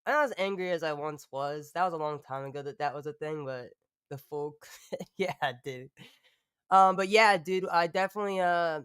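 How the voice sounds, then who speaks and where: A woman hosts a live stream in loose, profane chat, drifting from one thought to the next and laughing as she goes. Her voice is smooth and a little low-pitched, with a dry, close sound. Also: no echo. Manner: rambling and profane, laughs often.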